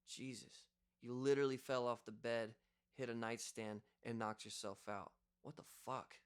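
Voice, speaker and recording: A man voicing a brash young party buddy who talks loudly and bluntly. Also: medium pitch, fairly even intonation, normal speed, smooth, natural voice. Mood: incredulous.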